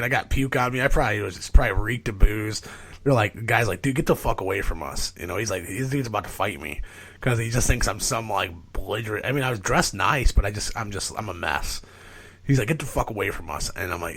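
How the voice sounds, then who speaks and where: On a podcast, a man with a low, gravelly, husky voice rattles off a long, rambling story at speed. He curses freely and keeps dropping "like" and "you know" while retelling things with animation.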